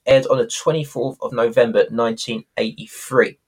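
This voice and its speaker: A man's voice: medium pitch, moderate pace, slightly rough. A man co-hosting a podcast, rambling casually with lots of restarts. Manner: rambling, full of restarts and "you know". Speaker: podcast co-host. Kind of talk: casual chat recapping a sitcom.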